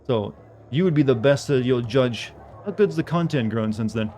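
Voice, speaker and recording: A man streaming a video game, chatting casually in a dry monotone. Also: mid-range voice, moderate pace, slight background noise.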